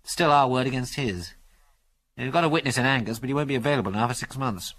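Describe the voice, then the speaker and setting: A man's voice: medium pitch, quick pace, fairly bright tone, natural voice. A man reading aloud and voicing a decisive male pilot leader in a clipped, commanding manner. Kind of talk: audiobook character voice.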